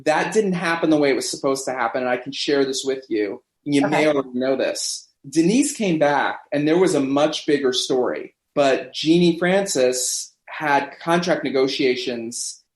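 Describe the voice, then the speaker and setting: A man in a casual podcast chat, telling lively backstage stories and acting out what people said. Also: medium pitch, normal speed, few pauses. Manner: animated storyteller who acts out quoted voices. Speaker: podcast guest. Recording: roomy echo.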